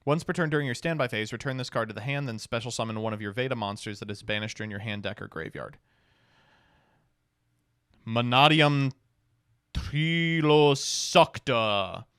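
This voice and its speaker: A man's voice: on the low side, rapid-fire, hardly any pauses, fairly bright tone, no echo, clean studio sound. A man streaming, casually reading card game rules aloud and reacting with wry, sighing remarks.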